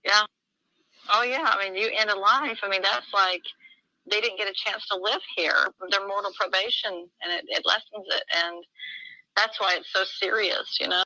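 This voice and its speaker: A woman's voice: medium pitch, fairly even intonation, normal speed, bright, forceful tone, no room sound, low-quality recording. A middle-aged woman in an emotional personal conversation, talking fervently and acting out dialogue with big swings in her voice.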